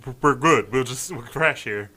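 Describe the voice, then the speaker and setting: A man co-hosting a podcast in casual chat, laid-back and quick to agree. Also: mid-range voice, bright, forceful tone.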